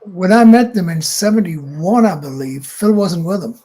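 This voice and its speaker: An older man with a high, husky voice co-hosts a relaxed music chat. His tone is dark and mellow, and he mostly chimes in with quick, eager reactions. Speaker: co-host.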